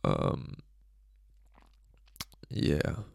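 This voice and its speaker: A young man hosting his podcast alone, hoarse from a cold, joking crudely and rambling in casual chat into a close microphone. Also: drawn-out words, a little mellow, dry recording. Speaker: podcast host. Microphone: studio microphone, close.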